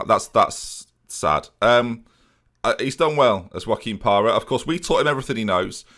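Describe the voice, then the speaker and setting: A young man talking over his football management game with a jokey, self-mocking humour. His pitch moves around a lot, and he jumps into excited commentary when something goes his way. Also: moderate pace, soft background music. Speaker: gaming YouTuber. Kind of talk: casual Football Manager let's play commentary.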